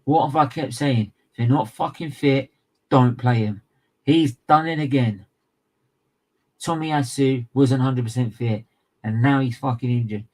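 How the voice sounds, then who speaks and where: A man's voice: mid-range voice, a little slow, a little mellow, rough recording. A young man ranting furiously about football, swearing hard and hammering the same points over and over as a fan channel co-host. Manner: furious, sweary, emphatic and repetitive. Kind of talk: angry match reaction rant.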